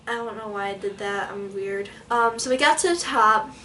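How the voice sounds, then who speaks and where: A young woman vlogger telling a story in an animated way, full of fillers and dramatic quoted outbursts. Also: medium pitch, normal speed, a little hiss or hum. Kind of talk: storytelling vlog.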